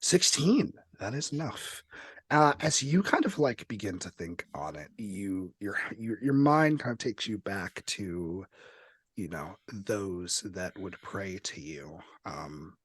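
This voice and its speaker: A man narrating a tabletop role-playing game as game master, describing scenes with lively fillers. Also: low-pitched, takes it slowly, breathy edge, dry recording.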